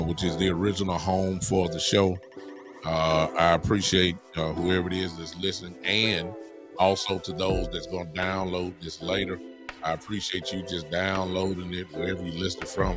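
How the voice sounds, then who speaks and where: A man hosting a casual live-stream podcast, rambling loosely and filling pauses with "uh". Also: sits low, gravelly. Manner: rambling, heavy with "uh" fillers. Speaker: podcast host. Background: faint music.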